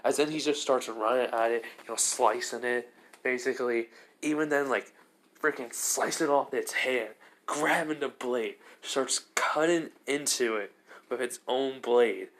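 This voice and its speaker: Male storyteller, casual fan-story retelling, rambling delivery, mid-range pitch. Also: a little slow, a bit bright. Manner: rambling, heavy fillers and restarts.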